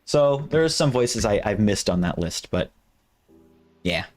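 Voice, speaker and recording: A man with a lowish voice chatting loosely on a live stream, trailing off and restarting his sentences as he goes. Faint music plays under him. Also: lively intonation, measured pace. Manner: rambling and self-interrupting, breaking off to test impressions. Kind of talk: casual live-stream chat.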